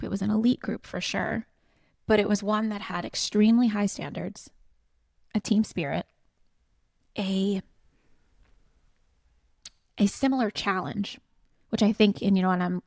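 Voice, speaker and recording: A woman's voice: medium pitch, creaky, darkish tone, no echo, clean studio sound. A woman in her forties co-hosting a podcast, telling a story in an earnest, passionate way. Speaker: podcast co-host. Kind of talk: reflective conversational podcast talk.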